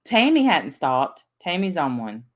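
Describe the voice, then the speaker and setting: A woman with a drawl chats through a casual livestream in a lowish voice. She reads out viewer names and laughs at her own jokes. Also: big pitch swings, unhurried. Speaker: livestream host.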